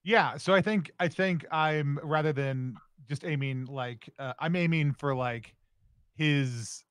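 A man's voice: fairly high pitch, slow pace, fairly bright tone, smooth, no room sound, studio quality. Hesitant male tabletop player. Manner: hesitant, restarts his sentences. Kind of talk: casual tabletop game play.

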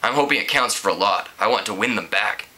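A man's voice: on the low side, quick pace, bright, forceful tone, poor audio. A man reading out a scheming, wisecracking teenage boy with a persuasive way of talking. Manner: joking, persuasive.

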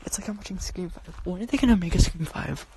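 A young woman streams live from her phone as she creeps around her house and yard after dark. She talks casually and jumpily, full of "like" and quick swears, and often sinks to a hushed whisper. Faint background noise and clicks sit under her voice. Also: fairly low pitch. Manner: jumpy, swearing, lots of "like" and "oh my god". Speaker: livestreamer.

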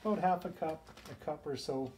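A home cook with a fairly high-pitched voice talks a little fast, rambling and chatting casually through a cooking video and often breaking off mid-sentence. A camera films him from across his home kitchen, and the recording is noisy.

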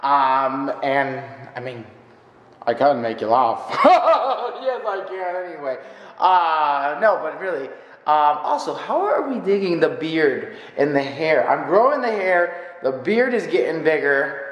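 A man's voice: a little high, expressive, a little slow. A man chatting casually to his viewers in a playful, rambling and self-mocking way. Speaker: vlogger. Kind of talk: casual vlog chat. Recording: echoey room with long reverb.

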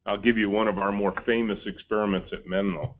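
A man's voice: fairly low pitch, brisk. A man, a company founder, giving a storytelling webinar talk and acting out the dialogue in his stories. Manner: lively storyteller, acts out quoted dialogue. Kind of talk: storytelling keynote. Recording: tinny phone-like webinar audio.

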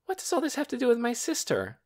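A man voicing an earnest, determined young girl in an audiobook, blunt and quick to protest. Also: extremely high pitch, huge pitch swings, darkish tone, pitched above the performer's own voice, exaggerated voice. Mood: curious. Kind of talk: audiobook character reading.

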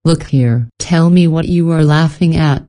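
A woman's voice: low-pitched, unhurried, warm tone. Woman reading as a hot-headed young swordsman.

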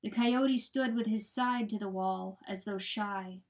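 A woman narrating a storybook aloud in a measured, solemn storytelling manner. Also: mid-range voice. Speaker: audiobook narrator. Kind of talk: dramatic audiobook reading.

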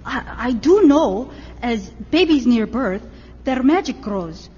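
A woman voicing a naive, pregnant female dragon who speaks in halting, broken English, in a radio drama. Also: a little high, animated, warm tone, breathy edge, long reverb tail, muffled recording, full character voice. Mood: earnest.

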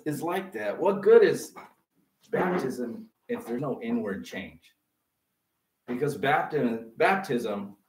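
A male pastor preaching a sermon, often pausing to let the congregation fill in a word. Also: mid-range voice, darkish tone. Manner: interactive preaching, prompting the congregation to fill in words. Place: church. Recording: roomy sound from a distant mic.

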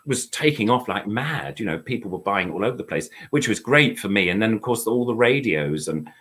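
A man's voice: on the low side, expressive, a little fast, fairly bright tone, husky. An older man, a guest chatting and reminiscing in a rambling, chatty way. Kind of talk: casual reminiscing chat.

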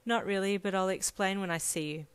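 A woman's voice: mid-range voice, steady tone, smooth, close to an everyday voice. A woman reading a fan story aloud, voicing an emotional, easily flustered young woman. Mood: subdued. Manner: flustered, quick denials.

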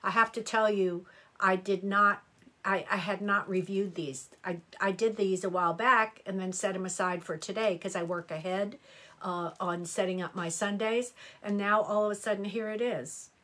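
A woman's voice: medium pitch, fairly even intonation, normal speed, fairly bright tone. A middle-aged woman reading horoscopes on a live stream, chatty and exclamatory, answering viewer comments as she goes. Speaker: astrology reader.

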